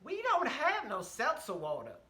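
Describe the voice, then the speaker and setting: A man voicing a blunt young waitress in a small diner who retorts flatly. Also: very high-pitched, moderate pace, voice pushed up, heavily acted. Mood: incredulous. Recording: roomy echo.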